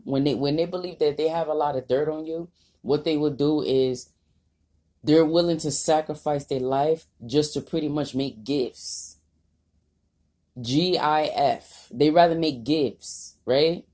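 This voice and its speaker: A woman's voice: deep voice, dark tone. A woman vlogger talking off the cuff in a rambling, profane, confrontational rant. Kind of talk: unscripted vlog monologue.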